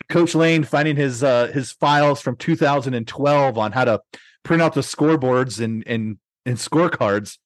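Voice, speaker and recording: A man's voice: mid-range voice, no room sound. A man hosting a podcast in casual chat, rambling with many restarts and fillers. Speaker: podcast host.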